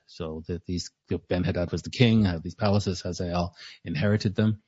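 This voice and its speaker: Guy preaching a bible lesson, low husky voice, kinda dull lo-fi recording, chats through the scripture casually. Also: steady tone, normal speed, a little mellow. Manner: retells scripture in his own words, conversational asides. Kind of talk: Bible teaching sermon. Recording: dull lo-fi sound.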